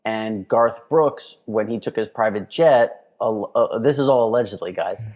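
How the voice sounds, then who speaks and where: A man's voice: lowish voice, normal speed, darkish tone. A man co-hosting a podcast in casual chat, telling rambling, joking stories over a remote call. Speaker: podcast co-host. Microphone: remote call mic.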